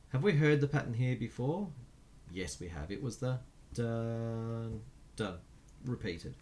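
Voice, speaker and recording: A man's voice: medium pitch, expressive, a little slow, warm tone, slight background noise. A man teaching a recorded music lesson, counting beats aloud and chanting rhythm syllables while writing notes.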